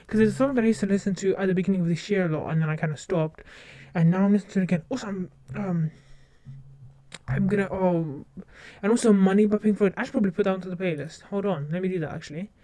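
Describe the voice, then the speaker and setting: Young woman, streamer, casual chat, fast talker, rambling, many fillers, dry sound. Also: medium pitch, warm tone, dry recording. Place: home streaming setup.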